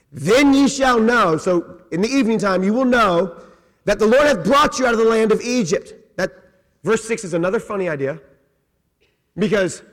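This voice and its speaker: A man preaches a sermon as pastor, his voice pitched high. He talks in a lively, conversational way, often checking in with the listeners and slipping in jokes. The sound rings with the long reverb of a large church hall. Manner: animated, conversational preaching with repeated "right?" asides and joking. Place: church sanctuary.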